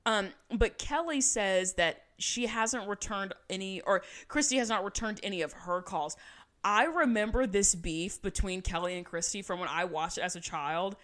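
A woman's voice: medium pitch, normal speed, a bit bright. A woman co-hosting a casual chat podcast. She tells scenes in a chatty, dramatic way and slips into quoted voices as she goes. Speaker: podcast co-host.

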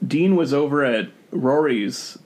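A man's voice: mid-range voice, animated, measured pace, a little mellow. A man as a podcast guest in casual chat, opinionated and often restarting his sentences.

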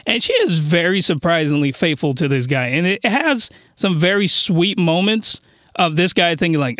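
A young man rambles excitedly about an anime, his voice high and bright. The sound is dry and close, with no room around it. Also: normal speed, dry recording. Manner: enthusiastic, laughing, lots of restarts. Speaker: anime reviewer. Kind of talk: casual review chat.

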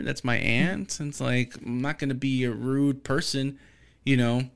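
A man on a podcast, chatting casually and telling an animated, profane story. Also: medium pitch, moderate pace, creaky, clear, resonant tone.

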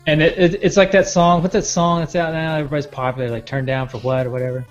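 A man's voice: on the high side, steady tone, fast talker, lo-fi sound, faint music behind. A man hosting a podcast, chatting casually in a laid-back way and laughing easily. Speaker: podcast host. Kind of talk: casual chat.

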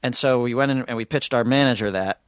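A man's voice: mid-range voice, quick pace, dry recording, clean studio sound. A man co-hosting a podcast, telling rambling stories in casual chat with lots of restarts. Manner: rambling storyteller, chatty with many restarts. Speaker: podcast co-host.

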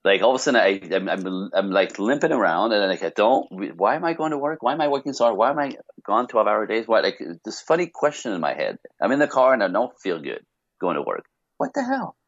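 A man speaking as a podcast guest, telling a personal story in an animated way, with many restarts and rhetorical questions. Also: fairly low pitch, fast, no room sound, muffled recording.

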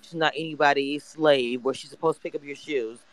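A woman's voice: sits low, steady tone, brisk, no room sound, rough recording. A woman hosting a casual audio chat room, speaking emphatically with hesitant "um" fillers.

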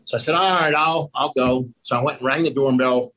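A man, a roofing contractor, telling lively stories in a casual conversation and acting out the people in them. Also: mid-range voice, fairly quick, creaky, slight background noise, poor audio. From Pennsylvania. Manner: animated storyteller who acts out the people in his story.

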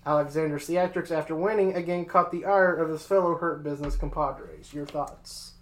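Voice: mid-range voice, fairly even intonation, normal speed, reverberant, low-quality recording. A podcast host reading match recaps from a script and then asking a co-host for his thoughts.

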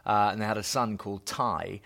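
A man's voice: fairly low pitch, steady tone, fairly quick, gravelly, a bit bright. A man in casual chat, rambling through anecdotes and often repeating words as he goes.

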